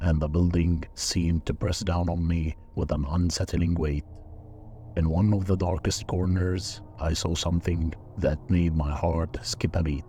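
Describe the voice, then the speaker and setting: A man reading a scripted first-person horror story in a slow, measured, even delivery. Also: low voice, slight background noise. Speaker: narrator.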